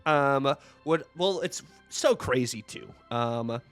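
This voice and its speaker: A man hosting a casual chat, talking enthusiastically and quickly with casual fillers. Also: mid-range voice, expressive, fairly bright tone, smooth, faint music behind. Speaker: host.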